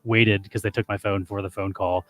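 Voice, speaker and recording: A man's voice: fairly low pitch, little pitch movement, a bit bright. A young man co-hosting a casual podcast, telling grocery store stories with plenty of swearing. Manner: swearing, rapid storytelling. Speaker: podcast co-host. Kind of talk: casual chat.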